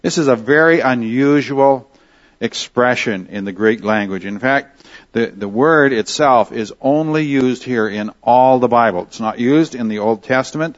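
Man giving a Bible lesson, lo-fi. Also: mid-range voice. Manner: explanatory, self-correcting, with rhetorical questions. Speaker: Bible teacher. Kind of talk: classroom Bible lecture.

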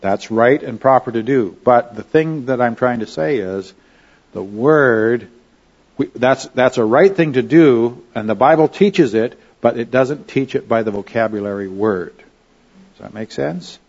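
A man's voice: medium pitch, unhurried, a little mellow, highs cut off. A man teaching a Bible study lesson in a conversational way, often checking in with his listeners.

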